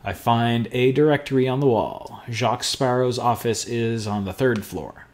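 A man's voice: mid-range voice, moderate pace, a little mellow. A male podcast host playing an adventure game, making offhand, wry comments and reading the game narration aloud. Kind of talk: casual let's-play commentary and reading game text aloud.

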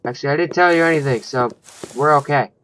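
A man's voice: on the high side, quick pace, fairly bright tone, slight background noise. A man giving let's play commentary, thinking aloud and swearing when startled. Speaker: gaming channel host.

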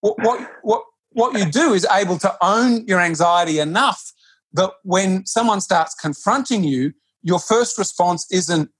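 Husky, earnest yoga teacher. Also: male voice, sits high, expressive, measured pace, a bit bright, no echo. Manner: earnest, restarts often, acts out quotes. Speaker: yoga teacher, podcast guest. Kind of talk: reflective conversational interview.

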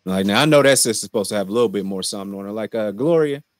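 A man's voice: on the low side, racing, dry recording. A young man co-hosting a casual TV recap chat, joking in laid-back banter and laughing often. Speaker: show co-host.

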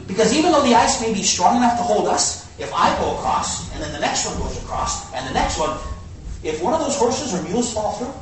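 Telling a folksy story from the pulpit, a man delivers his sermon with animation, dropping into hushed low asides and then rising to high exclaims. It was captured at a distance in an echoey hall, with faint hiss in the background.

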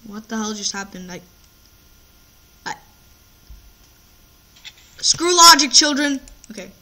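A teenage boy with a high, bright voice trades boastful teasing with a friend as he plays a game. He often trips over his words and restarts mid-sentence. The voice sits well above most young men in pitch and sounds sharp and tense. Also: lively intonation, slow. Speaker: Minecraft player. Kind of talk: casual gameplay chat.

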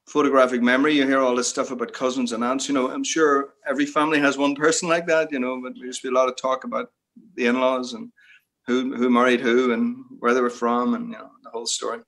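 Male guest, middle-aged, mid-pitched, musing over a video call. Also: flat delivery, quick pace, vocal fry, fairly bright tone. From Northern Ireland. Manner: reflective, lots of "you know" asides. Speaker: interview guest. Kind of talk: reminiscing interview talk.

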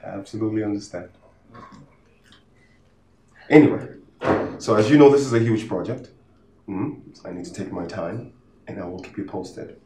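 Man playing easygoing returning friend, low voice, echoey, somewhat distant mic. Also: normal speed, long pauses, dark tone, a little hiss or hum, close to an everyday voice. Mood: businesslike. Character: friend returned home, starting a business.

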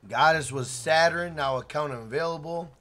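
A man live-streaming a video game, talking loudly to his chat with swearing and shout-outs. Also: on the high side, normal speed.

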